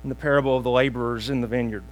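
A man preaching a sermon, telling a joke with slow pauses and plain asides to the congregation. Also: mid-range voice, fairly even intonation, a little hiss or hum, low-quality recording. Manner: storytelling with pauses, self-deprecating asides. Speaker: pastor.

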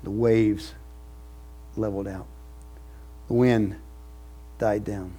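Brief: man, pastor mid-sermon, breathy-rough tone, emphatic rhythm. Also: lowish voice, little pitch movement, takes it slowly, dark tone. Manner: emphatic, repetitive preaching cadence.

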